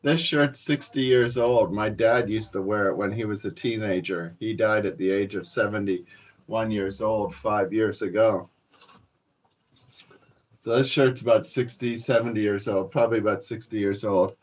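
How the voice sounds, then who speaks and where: A man's voice: lowish voice, steady tone, normal speed. A man from Canada rambling casually and profanely to his viewers, calling them folks, with plenty of fillers. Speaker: vlogger. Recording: dull lo-fi sound.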